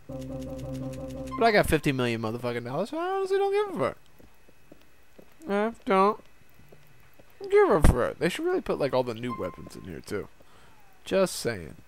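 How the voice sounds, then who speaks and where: Profane, animated young man commentating gameplay. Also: mid-range voice, slight background noise. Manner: profane, rambling, laughs at himself. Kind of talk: casual let's-play commentary.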